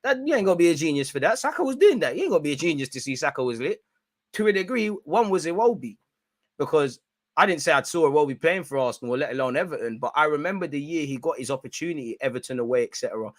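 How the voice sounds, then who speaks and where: A young man giving excitable, slang-filled banter on a live football watch-along stream. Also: a little high, fast, no room sound.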